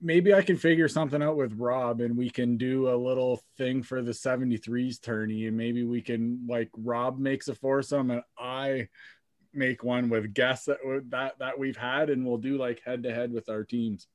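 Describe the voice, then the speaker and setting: A man hosting a relaxed podcast chat in an easygoing, joking way. His voice sounds dry and close, with little room sound around it. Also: mid-range voice, moderate pace, dry recording. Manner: laid-back, laughs easily. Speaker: podcast host. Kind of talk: casual chat.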